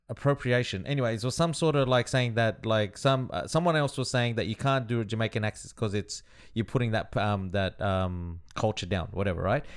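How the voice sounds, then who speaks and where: A young man co-hosting a podcast chats casually in a smooth, mid-range voice. He rambles, using many fillers and restarting his sentences.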